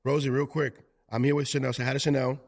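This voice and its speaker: A young man, a comedian guest, talking in a laid-back way with many "uh"s and "real quick"s. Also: medium pitch, level tone. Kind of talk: casual chat.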